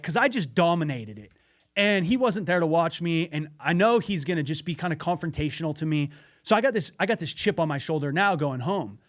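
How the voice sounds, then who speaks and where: A man hosting a podcast, telling a personal story in an earnest, candid motivational monologue with occasional swearing. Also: a little high. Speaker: podcast host.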